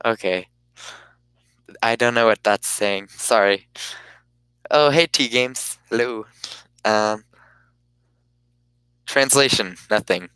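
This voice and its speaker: A man casually chatting on his live stream, rambling in a halting way and often cutting himself off mid-thought. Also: mid-range voice, pushed and bright, smooth, no room sound, low-quality recording. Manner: rambling, halting, self-interrupting.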